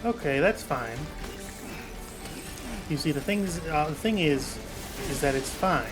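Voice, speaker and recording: A man's voice: on the high side, unhurried, music in the background. A young man streaming a video game, giving casual, sweary commentary and joking with the characters on screen. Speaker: gameplay streamer. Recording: steady background noise.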